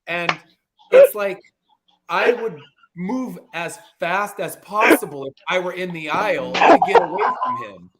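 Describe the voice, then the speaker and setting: A man's voice: high voice, huge pitch swings, normal speed, very noisy. A man guest on a podcast, a comic creator, telling stories in a casual, matter-of-fact way with some swearing. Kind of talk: casual interview chat.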